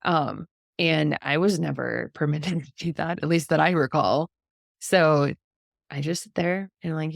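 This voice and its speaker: Low gravelly-voiced woman host. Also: a little slow, no echo, studio quality. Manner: soft, reflective, trails off in short phrases. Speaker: podcast host. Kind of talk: reflective casual conversation.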